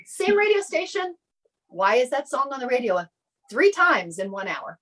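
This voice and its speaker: Husky woman telling an animated story. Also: high voice, normal speed, rough recording. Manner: animated, acts out quoted dialogue. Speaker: guest sharing a personal story. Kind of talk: casual storytelling in an interview.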